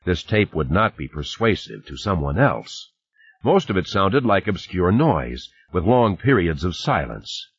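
Low, husky male audiobook narrator, lo-fi. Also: sing-song, a little slow, no echo. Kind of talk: audiobook reading.

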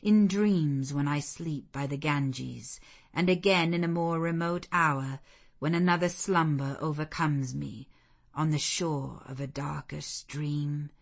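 A woman reading the part of a stern, zealous male missionary clergyman in a deep, relentless, commanding manner. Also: slow, creaky, full character voice. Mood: dreamy. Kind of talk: audiobook character voice.

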